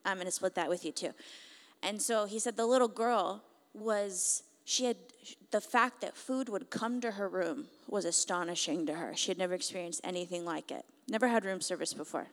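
A woman telling a moving story to an audience in an animated, emphatic way. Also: mid-range voice, moderate pace, few pauses. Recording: long reverb.

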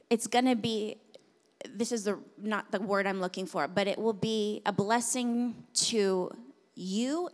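A young adult woman pastor preaching a sermon in a church, telling an animated story and then praying. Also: on the high side. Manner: animated storytelling, laughing at times, then prayer. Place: church sanctuary. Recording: reverberant church hall.

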